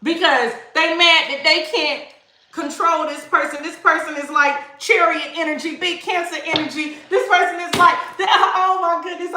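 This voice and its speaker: Woman tarot reader on a livestream, high and bright, sassy and laughing, echoey room. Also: a little hiss or hum.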